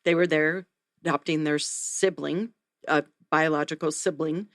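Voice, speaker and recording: A woman, a neonatal nurse practitioner, telling a story in an interview, earnest and animated. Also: low voice, unhurried, no echo, clean studio sound. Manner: earnest, animated retelling with acted quotes.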